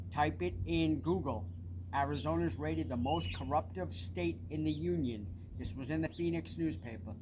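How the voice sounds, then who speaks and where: A middle-aged man with a Long Island accent speaks in a fairly high voice, urgent and aggrieved as he makes a personal appeal to camera. He sounds insistent throughout. Clear vehicle noise and outdoor ambience run behind him. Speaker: person making a public complaint.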